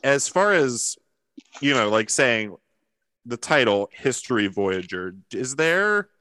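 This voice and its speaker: A man's voice: medium pitch, sing-song, slow, bright, forceful tone, dry recording. A man hosting a podcast, asking questions in an easygoing, chatty way full of "like" and "you know". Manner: easygoing, questioning, filler-heavy. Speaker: podcast host. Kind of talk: casual podcast chat.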